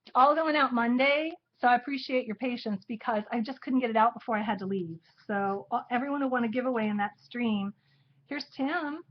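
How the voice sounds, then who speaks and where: A woman's voice: fairly high pitch, brisk. A woman co-hosting a casual craft livestream, chatting and laughing as she flips through trip photos. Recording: dull lo-fi livestream audio.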